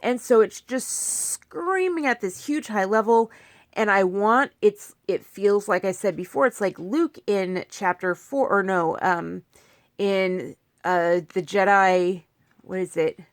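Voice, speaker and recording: A woman's voice: medium pitch, slow, dry recording, clean studio sound. Rambling young woman talking through pain. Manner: rambling, many restarts and asides. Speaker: vlogger. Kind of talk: casual talk to camera. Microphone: phone.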